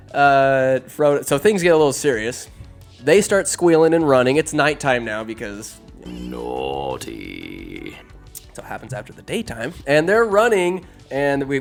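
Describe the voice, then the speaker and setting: A man hosting a podcast, recapping a film in an animated, joking way, swearing and doing goofy character voices. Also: on the high side. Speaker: podcast host. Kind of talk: comedic movie recap. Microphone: phone.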